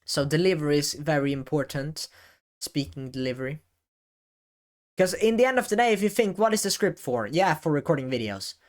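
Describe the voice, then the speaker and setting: A man talking to the camera in a casual advice vlog, often halting and correcting himself as he goes. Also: a little high, expressive. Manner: halting, self-correcting, varies emphasis. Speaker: YouTube creator. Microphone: camera facing speaker.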